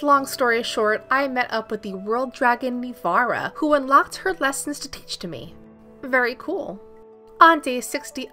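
A woman's voice: sits high, bright, forceful tone. A young woman, a gaming YouTuber, giving upbeat, playful scripted narration of her gameplay as a voice-over. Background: faint background music.

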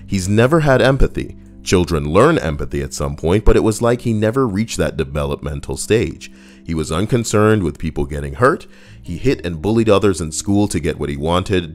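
Low voiced guy streamer, joking around reading chat, voice bounces up and down a lot, soft music behind. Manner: joking and playful. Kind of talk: casual chat, reading comments and a story aloud.

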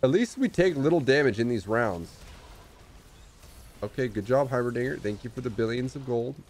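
An excitable male streamer talking through his game, his pitch leaping all over the place. He drops into low mutters and then bursts into loud yelps. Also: normal speed, a little hiss or hum. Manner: excitable, swings from mumbling to shouting. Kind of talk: live gameplay commentary.

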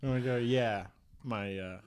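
A man's voice: medium pitch, a little slow, smooth. A young man co-hosting a podcast, telling a comic story in casual chat and laughing often as he acts out the people in it. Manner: animated, laughs often, acts out voices in anecdotes. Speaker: podcast co-host.

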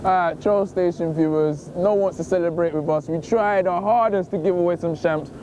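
A young man with a London accent, hosting a street prank video, loud and pushy with slang-heavy party hype, recorded outdoors on a city street. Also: sits high, brisk. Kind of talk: hyped street prank banter. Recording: dull lo-fi street recording, faint traffic.

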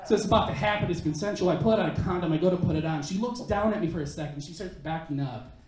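Performing stand-up on a club stage, a man tells a crude story in a brash, punchy way, his voice high-pitched, quick, and a little mellow. The echoey club is heard from a distance, with audience laughter in the background.

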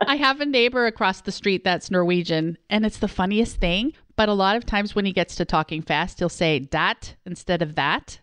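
A woman's voice: mid-range voice, fairly quick, few pauses, a bit bright, clear, resonant tone, dry recording. A woman from Wisconsin hosting a podcast interview, upbeat and enthusiastic. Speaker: podcast host.

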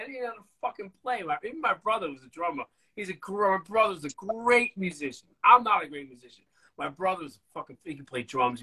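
A man, a band's bass player, telling stories in a casual, rambling, profane way during an interview. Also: husky, low-quality recording. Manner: profane, rambling, animated storytelling.

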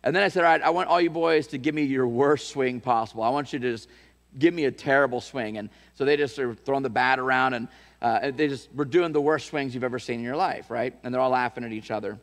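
A man's voice: medium pitch, fast, gravelly, in a large hall. A man preaching a sermon as pastor, telling a story with restarts and repeated words, and building to emphatic calls to his church.

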